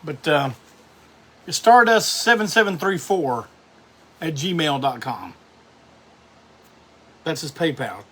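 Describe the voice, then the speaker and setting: A man's voice: on the high side, lively intonation, takes it slowly, pauses often, a bit bright. A middle-aged man hosts a casual live stream, greeting viewers by name and rambling loosely.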